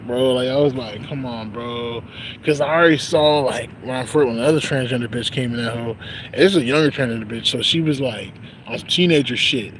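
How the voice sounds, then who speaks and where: A man's voice: medium pitch, a little hiss or hum. A young man venting in a casual, profane, rambling rant about work, repeating bro and you know what I'm saying, outdoors by a street.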